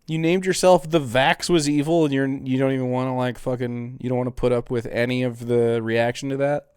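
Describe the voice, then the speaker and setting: A man's voice: medium pitch, fairly even intonation, fairly quick, a little mellow, smooth. A man streaming, reacting to videos and mocking chat in a sarcastic, profane casual chat.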